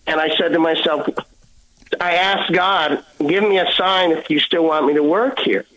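A man's voice: a little high, moderate pace, a bit bright, low-quality recording. A man giving an earnest personal testimony as a guest, acting out the dialogue as he tells it.

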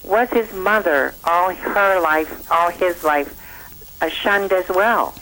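Hesitant woman caller with a low voice. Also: slow, sharp tone, slight background noise, low-quality recording. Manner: hesitant, rephrasing her question. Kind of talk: phone-in question.

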